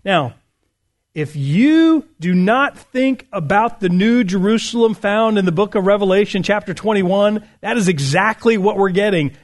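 A man preaching a conversational sermon, reading scripture aloud and explaining it. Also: high voice. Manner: conversational, with fillers and restarts. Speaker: pastor.

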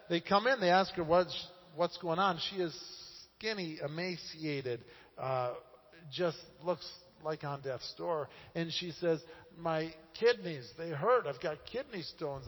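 A man preaching a sermon with a slightly high voice. He tells his stories with passion and climbs louder and higher as the feeling builds. A long reverb from the church hall trails every phrase. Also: measured pace. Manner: passionate storytelling preacher, swells louder and higher at emotional peaks.

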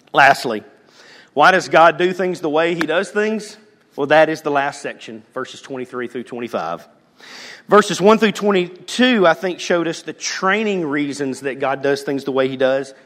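A man preaching a sermon as pastor, moving between loud calls and hushed, almost whispered lines. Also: on the high side, long reverb tail.

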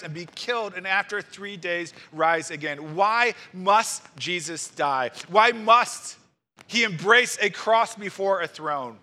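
Bright, high-voiced man preaching a sermon. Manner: emphatic preaching with rhetorical questions. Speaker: pastor.

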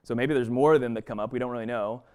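Rapid-fire and smooth, a slightly mellow medium-pitched man's voice delivers a casual Bible study. He teaches loosely, often starting his sentences over and filling gaps with fillers.

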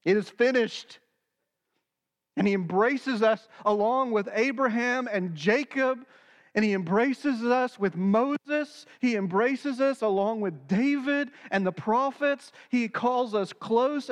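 Pastor, man, sermon delivery, earnest, high voice, long hall reverb. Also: measured pace. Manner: earnest, acts out quoted dialogue.

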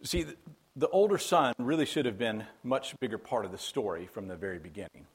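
Guy preaching a sermon, kinda raspy voice, chatty but emphatic, says stuff twice for weight. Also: on the low side, animated, brisk. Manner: conversational, emphatic preaching with repeated phrases. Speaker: pastor.

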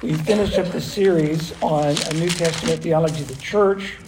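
Older man, pastor, conversational sermon, slightly high voice, echoey room with faint noise. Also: moderate pace. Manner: conversational, animated preaching with restarts.

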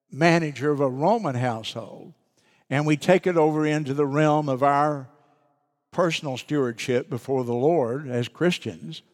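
A middle-aged man pastor preaching a sermon, deliberate and repeating key phrases for emphasis. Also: medium pitch, long reverb tail.

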